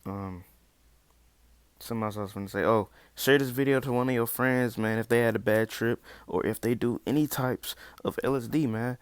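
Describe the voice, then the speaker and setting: A laid-back man closes out his channel's video in relaxed slang, his voice smooth and clear. The recording is dry and close, with no room sound. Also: medium pitch, normal speed, dry recording. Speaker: channel host. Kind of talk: casual outro talk.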